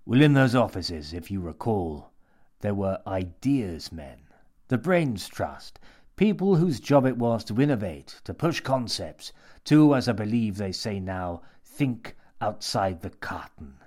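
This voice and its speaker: A man's voice: fairly low pitch, big pitch swings, unhurried, a little mellow. Brief: man voicing a creepy old stranger in an audio horror tale, theatrical and preachy, raised voice. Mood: lecturing. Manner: theatrical, wheedling, lecturing. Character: sinister mad old man with pierced lips.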